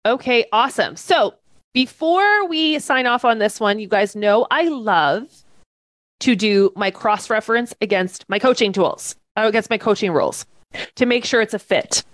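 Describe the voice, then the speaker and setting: A woman's voice: on the high side, expressive, normal speed, no echo. Upbeat woman teaching a fitness class. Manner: enthusiastic, checks in often with "okay?" and "right?". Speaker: fitness coaching instructor. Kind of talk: live online training class. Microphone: webcam setup.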